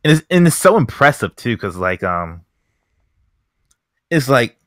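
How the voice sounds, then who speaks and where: A man co-hosting a podcast, rambling excitedly about a movie and saying "like" constantly. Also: medium pitch, a little slow, no room sound, clean studio sound. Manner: rambling, heavy use of "like", excited. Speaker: podcast co-host. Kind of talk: casual chat.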